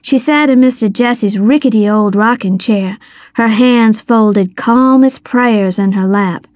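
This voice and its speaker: A woman's voice: on the high side, measured pace, a little mellow, no room sound, studio quality. A woman narrating a first-person audiobook in a folksy, wry storytelling manner.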